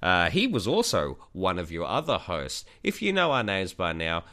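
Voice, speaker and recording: Male podcast co-host, deep but bright, lively and profane storyteller. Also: moderate pace, hardly any pauses. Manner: animated, profane storytelling, jumps into high-pitched voices for quoted people. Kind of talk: casual storytelling chat.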